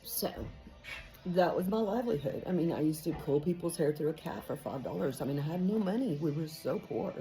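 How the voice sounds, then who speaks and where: Lady in her 50s, hairdresser rambling at her salon, lowish voice, bit of music playing. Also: animated, brisk, warm tone, low-quality recording. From Texas. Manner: chatty and rambling, many fillers. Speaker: hairdresser vlogger. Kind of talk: casual chat to camera. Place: hair salon.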